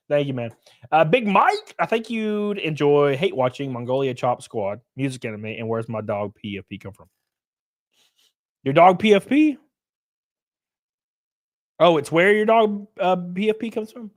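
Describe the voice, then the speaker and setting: A young man streaming, ranting casually with lots of swearing, jumping between loud outbursts and low mutters. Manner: profane, ranting, swings between loud and mumbled. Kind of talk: casual livestream chat.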